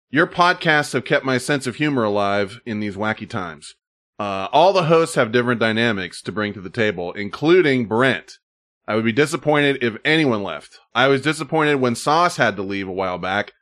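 A man's voice: medium pitch, a bit bright. A man hosting a casual podcast, joking with co-hosts and reading listener emails aloud. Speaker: podcast host.

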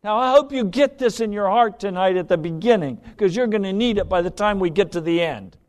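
A man preaching a sermon to a church congregation, swinging between loud pleading cries and hushed, low asides. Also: lively intonation, a little fast.

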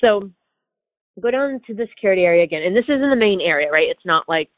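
A woman's voice: mid-range voice, lively intonation, quick pace, no room sound. A woman telling a personal story in a casual, heated way, often asking "right?" and tossing in "like". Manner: chatty, heated, lots of "like" and "right?". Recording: dull lo-fi dry recording.

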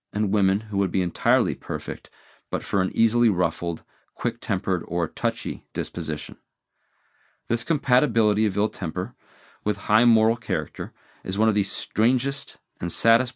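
A man delivering a formal, earnest moral address, reading scripture slowly and deliberately. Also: low voice, animated, no echo, clean studio sound. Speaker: speaker giving a moral address. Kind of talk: formal inspirational sermon.

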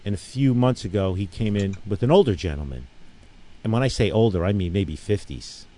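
A man's voice: lowish voice, animated, brisk, dark tone. A middle-aged man hosting a casual radio talk show, talking emphatically and rambling through stories with many restarts and frequent "okay?" check-ins. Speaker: radio show host and gun range owner.

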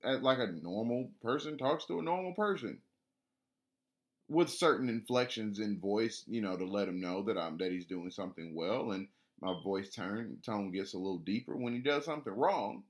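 A man's voice: fairly low pitch, normal speed. A man talking casually about training his dog, rambling with frequent restarts and fillers. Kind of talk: casual spoken monologue.

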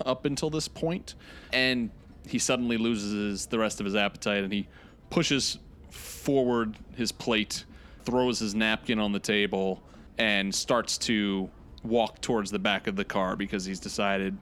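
A man unhurriedly describing his character's actions at a game table, taking his time over each image. His pitch sits in the middle, with faint noise behind him. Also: a bit bright. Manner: deliberate, descriptive storytelling. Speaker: player.

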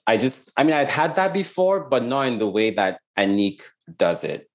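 A man's voice: medium pitch, big pitch swings, normal speed. A man from Nigeria, an artist talking reflectively in an interview, often restarting his sentences. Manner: reflective, with frequent restarts and "like" fillers. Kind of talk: casual interview conversation.

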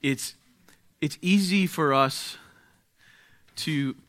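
A man preaching a sermon, speaking slowly and deliberately, dropping to a hush and then rising to exclaim. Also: a little high. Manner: slow, deliberate, swings from hushed to exclaiming.

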